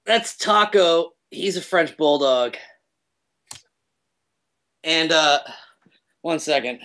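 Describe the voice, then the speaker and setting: A man's voice: on the high side, animated, takes it slowly, long pauses, bright, forceful tone. A young man chatting casually as a meetup guest, rambling with loose fillers. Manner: rambling, loose, lots of fillers and self-corrections. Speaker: remote guest speaker at a meetup. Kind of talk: casual chat.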